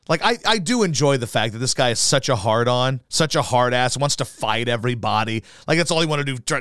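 A man hosting his own podcast, venting in a profane, mocking tone. His voice is smooth and clear, and his pitch swings around a lot. The sound is dry and close to the mic. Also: fairly bright tone, no room sound. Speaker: podcast host. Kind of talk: solo podcast rant.

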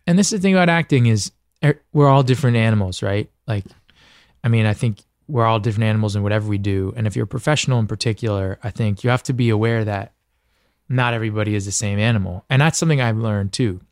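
A man's voice: fairly low pitch, fast talker, no room sound, studio quality. A man speaking as a podcast guest in casual conversation, earnest and reflective, often stopping and restarting his sentences.

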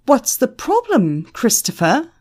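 A woman's voice: medium pitch, sing-song, slow, a little mellow, breathy edge, heavily acted. A woman playing a cold commanding ex-spy. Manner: cold and controlled.

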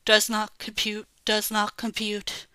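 A menacing storybook robot that grinds out the same stiff orders over and over, as a woman puts it on. The voice is bright and clean, and the dry, close sound keeps every word crisp. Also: mid-range voice, slow, dry recording. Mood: glitching. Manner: monotone repeated commands. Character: relentless robot boy, flat mechanical menace.

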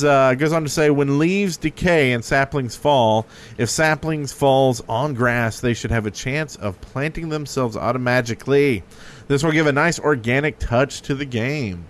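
A man's voice: medium pitch, fairly bright tone. A man hosting a podcast in casual chat, joking around and reading out listener messages. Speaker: podcast host.

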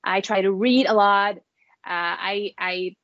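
A woman's voice: medium pitch, steady tone, takes it slowly, no room sound, lo-fi sound. A Spanish-speaking woman from Mexico, a mother, chatting as an interview guest with a light Mexican accent, many fillers and restarts. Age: adult with children. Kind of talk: casual interview chat.

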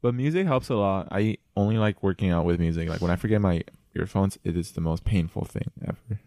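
A man's voice: low voice, brisk, dark tone, no echo. A man hosting a podcast in laid-back casual chat, saying "like" a lot. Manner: laid-back, heavy use of 'like'. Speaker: podcast host.

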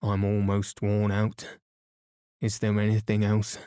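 Man voicing a tired grumpy sand fairy, storybook creature, low voice, slow. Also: monotone, warm tone, clear, resonant tone, dry recording, studio quality, lightly acted. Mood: worn out.

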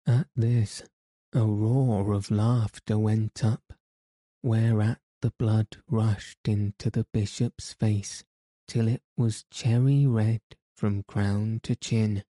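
A man narrating a classic tale as an audiobook, in a measured, deliberate way. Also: lowish voice, flat delivery, dark tone, dry recording.

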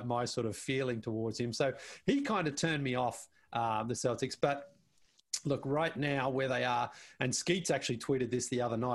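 A man speaking as a guest on a talk show, chatting in an easygoing way at a mid-range pitch. He tells his stories with animation, often stumbling, restarting and repeating words as he goes. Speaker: basketball show panelist as guest. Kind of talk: casual interview chat.

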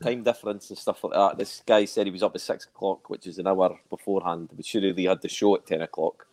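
A man's voice: low-pitched, steady tone, fast talker, a little mellow. A Scottish man hosting a casual podcast chat over a video call, joking and teasing his guest. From Scotland. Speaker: podcast host.

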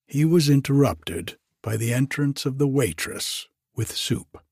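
Slow, husky male storyteller. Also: mid-range voice, no echo, clean studio sound. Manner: measured, even storytelling. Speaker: narrator. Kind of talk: audiobook narration.

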